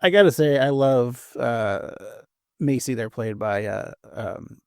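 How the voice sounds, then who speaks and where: A man co-hosting a podcast in relaxed, rambling chat, laughing often. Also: mid-range voice, takes it slowly, gravelly, no room sound. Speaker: podcast co-host. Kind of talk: casual chat.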